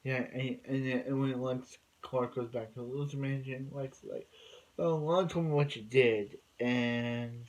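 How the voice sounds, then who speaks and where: A man's voice: medium pitch, steady tone, a little slow, darkish tone, low-quality recording. Rambling man recapping a TV episode. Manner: rambling, heavy on fillers and restarts. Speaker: TV episode reviewer.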